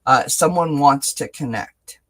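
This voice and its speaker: A man hosting a live tarot reading, encouraging and halting, with many fillers and restarts. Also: on the high side, a bit bright. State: briefly emotional. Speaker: tarot reader, host.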